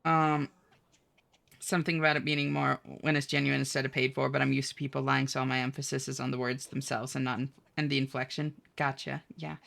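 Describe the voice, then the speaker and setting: Woman, game streamer, low pitch, creaky, casual chat. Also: flat delivery, a little fast, a bit bright. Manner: chatty, giggly, reads chat aloud. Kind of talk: casual chat with viewers while gaming.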